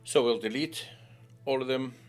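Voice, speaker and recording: A man hosting a software tutorial in a chatty, playful way, full of jokey asides and calling the viewer mate and love. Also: mid-range voice, fairly even intonation, normal speed, faint music behind. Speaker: tutorial host. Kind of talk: screen-recorded software tutorial.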